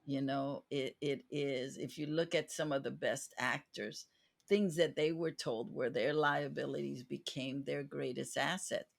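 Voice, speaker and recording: A woman's voice: a bass voice, steady tone, a little slow, vocal fry. A woman hosting a podcast interview, talking in an earnest, reflective way with frequent restarts. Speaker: podcast host. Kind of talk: casual interview chat.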